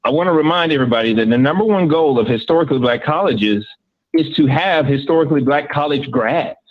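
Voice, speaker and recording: A man's voice: mid-range voice, highs cut off. A middle-aged man from Florida calling in to a sports show, politely working through points he wrote down. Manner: polite, reading prepared points. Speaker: caller.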